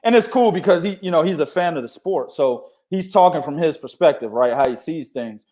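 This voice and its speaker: A man's voice: fairly high pitch, expressive, a little fast, dark tone. A young man hosting a casual boxing talk show, swearing freely and laughing often as he argues his points. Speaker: boxing podcast host.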